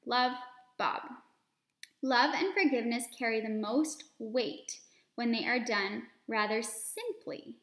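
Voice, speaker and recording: A woman reading a children's story aloud expressively, pausing to explain words and lessons to young listeners. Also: fairly high pitch, reverberant.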